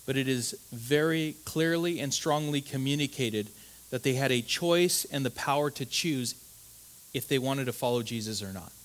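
A man's voice: mid-range voice, normal speed. A man preaching a sermon in an earnest, emphatic way, often restarting his words and asking "right?". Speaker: pastor.

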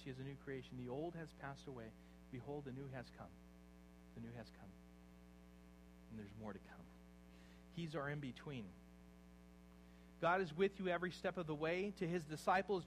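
Guy preaching a sermon, kinda high voice, goes quiet then loud, little mains hum behind. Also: low-quality recording. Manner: swings between quiet, low asides and loud, rising exhortation.

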